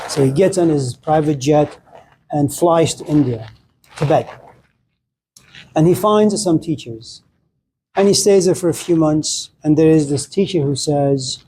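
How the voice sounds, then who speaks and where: A man's voice: fairly high pitch, measured pace, long pauses, mellow, a little hiss or hum, low-quality recording. A man giving a philosophy lecture to a class, talking conversationally and often checking in with "okay?". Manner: conversational, frequent "okay?" check-ins, acted quotes.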